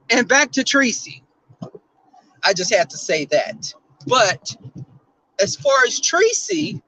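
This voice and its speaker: Brash high-voiced man with a Southern drawl. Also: a bit bright. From Southern US, Texas. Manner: brash, profane, sassy. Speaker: livestream host. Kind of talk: casual ranting commentary. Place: outdoors in the cold. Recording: dull, dry sound.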